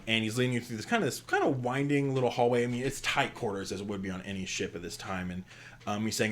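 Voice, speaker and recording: Man, game master, low voice, chatty narration, filler-heavy. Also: quick pace. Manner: rambling, animated narration with many fillers.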